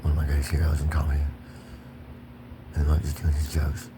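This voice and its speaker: A man's voice: extremely low pitch, completely flat delivery, brisk, very noisy. A man ranting alone to camera, erratic and confrontational, swearing and repeating himself. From Kentucky. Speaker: vlogger. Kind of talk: solo profane rant to camera.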